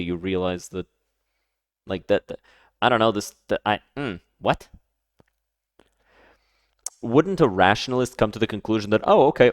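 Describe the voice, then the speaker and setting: A man with a lowish voice talks through a reaction in a casual, emphatic way. He piles up repeated words and restarts his sentences as he argues. The sound is close and dry, with no room around it. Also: no echo. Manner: emphatic, repeats himself, stammers restarts when worked up. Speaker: streamer reacting to a video.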